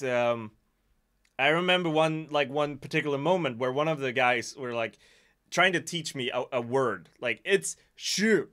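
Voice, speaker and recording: A man from Sweden with a Swedish accent, chatting casually on a live stream and often laughing at himself. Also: mid-range voice. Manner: animated, laughing, self-deprecating.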